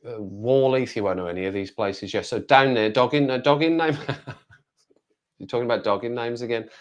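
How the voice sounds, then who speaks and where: Rambling Black Country man on a live stream. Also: on the low side. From West Midlands, England. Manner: rambling, chatty, reads viewer comments aloud. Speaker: livestreamer. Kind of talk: casual live-stream chat.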